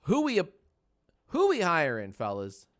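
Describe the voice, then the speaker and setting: A man's voice: fairly high pitch, huge pitch swings, unhurried. A man in his thirties casually streaming from his home editing room, joking with chat, running polls and cooing at his dog. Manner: soft baby talk to his dog.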